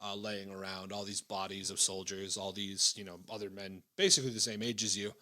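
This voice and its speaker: Male game master, lowish pitch, forceful bright tone, descriptive measured narration with fillers. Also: level tone. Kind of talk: narrating a tabletop war role-play.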